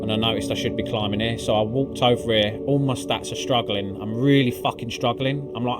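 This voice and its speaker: Man, gameplay recap, excitable, profane, mid-pitched voice, music playing behind. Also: a little fast, hardly any pauses. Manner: excitable and profane, swearing freely with lots of fillers. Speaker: gaming video creator. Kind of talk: casual gameplay recap commentary. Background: background music.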